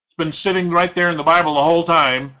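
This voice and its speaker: A middle-aged male pastor preaching a sermon, slowing down hard to stress scripture quotations. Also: fairly high pitch, fairly even intonation, bright, forceful tone, muffled recording. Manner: emphatic, slows to stress scripture, throat-clearing.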